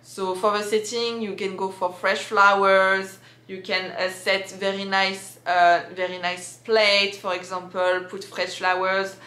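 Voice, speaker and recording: A woman's voice: mid-range voice, little pitch movement, unhurried, pushed and bright. A young woman from France with a French accent, chatting casually in a vlog with many fillers and restarts. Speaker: vlogger. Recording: echoey room.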